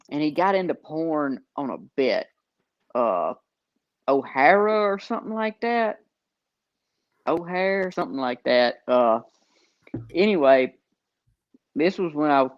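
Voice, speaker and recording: A man's voice: medium pitch, no echo, lo-fi sound. A man with a Southern US accent, telling stories in casual chat with plenty of "uh" fillers. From American South. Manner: slow storytelling with frequent fillers. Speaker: podcast host.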